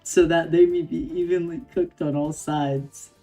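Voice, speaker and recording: A woman's voice: sits low, steady tone, dark tone, faint music behind. A woman voicing a fussy male head chef in a put-on French accent, stumbling through it. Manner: halting, stumbling over the accent.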